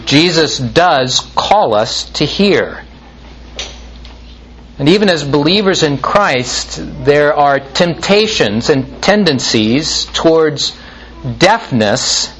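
Slow, earnest male preacher. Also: fairly high pitch, a bit bright, slight background noise, low-quality recording. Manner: earnest, exhorting, with small restarts. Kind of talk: sermon.

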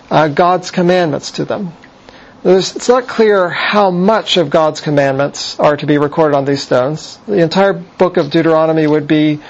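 A man teaching verse by verse through a book of scripture, measured and explanatory, pausing on "uh" and restarting phrases. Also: a little high, muffled recording. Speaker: Bible teacher.

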